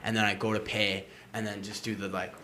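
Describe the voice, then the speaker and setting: A man's voice: on the low side, little pitch movement, fairly quick, heavy background noise. A young man, a podcast guest, telling a rambling, self-mocking story in casual chat, often laughing.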